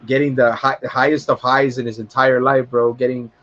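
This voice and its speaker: A man casually retelling a film scene for a podcast, rambling and profane, stumbling over words and jumping into high voices to act out characters. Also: little pitch movement, a little fast, a bit bright, dull audio. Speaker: podcast co-host. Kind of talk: casual film review chat.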